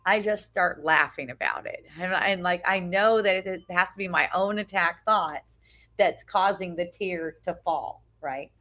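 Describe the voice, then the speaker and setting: A woman's voice: on the low side, unhurried, sharp tone. A middle-aged woman giving an informal spiritual talk to a small group outdoors at a beach. She talks conversationally, often asks "right?", restarts her sentences and swears casually. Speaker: spiritual teacher. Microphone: phone live video.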